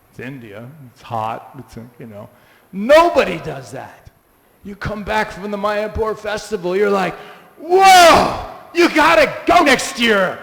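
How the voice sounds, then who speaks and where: A man giving a scripture class, telling stories with animated, exclamatory asides to a live audience. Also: high-pitched, creaky, big-room sound, rough recording. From United States. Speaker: class speaker. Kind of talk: lively scripture class talk. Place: temple hall with a live audience.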